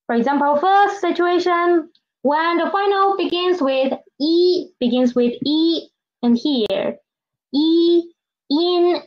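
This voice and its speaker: Slow, patient woman teaching a language lesson. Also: high voice. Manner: slow, patient, repeats each example and checks with "right?". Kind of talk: recorded online language lesson. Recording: dull lo-fi recording.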